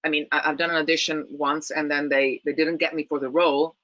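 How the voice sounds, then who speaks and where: Italian actress being interviewed, bright clear voice, keeps restarting her sentences. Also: sits low, little pitch movement, fairly quick, poor audio. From Italy. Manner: thoughtful, many restarts and repeated words. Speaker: guest actress. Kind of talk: casual interview chat.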